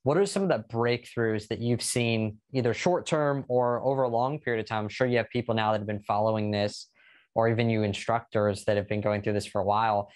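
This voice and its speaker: A man's voice: on the low side, steady tone, brisk. Upbeat man hosting an interview. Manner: upbeat, conversational, asks long questions. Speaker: podcast host, interviewer. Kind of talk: casual interview talk.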